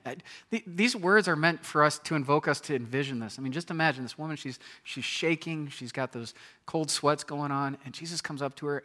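Bright-voiced preacher man. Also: fairly high pitch. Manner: conversational, animated storytelling with many repeated words. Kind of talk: sermon.

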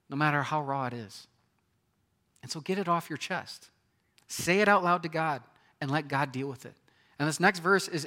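This pastor's voice is a little high, sounding pushed and bright. He delivers his sermon conversationally, repeatedly asking the audience rhetorical questions.

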